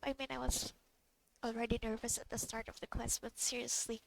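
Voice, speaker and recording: A young woman reacting to a game she is playing, excitable and expressive, swearing freely. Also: fairly high pitch, brisk, creaky, noisy background. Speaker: game streamer. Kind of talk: gameplay reaction commentary. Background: game music.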